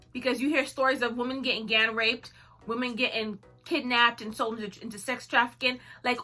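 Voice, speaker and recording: Young woman, high bright voice, casual vlog storytelling, animated, acts out her own lines, faint music behind. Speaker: vlogger.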